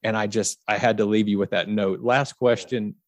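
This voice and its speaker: A man hosting a podcast speaks with enthusiastic, encouraging warmth toward his guest. His voice runs somewhat low. The recording is close and dry, with no room sound. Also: fairly even intonation, normal speed, no echo. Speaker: podcast host. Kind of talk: casual interview talk.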